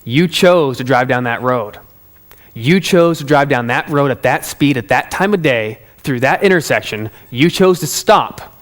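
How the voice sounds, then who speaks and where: A stern middle-aged father, as a man puts him on, speaking in a firm, measured way. He lays down the rules with calm authority, his voice staying close to the speaker's own. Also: medium pitch, lightly acted.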